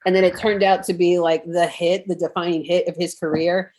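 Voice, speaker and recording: Woman, guest, casual panel chat, gushing, rambling, many fillers, lowish voice. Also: fairly even intonation, brisk, hardly any pauses, darkish tone.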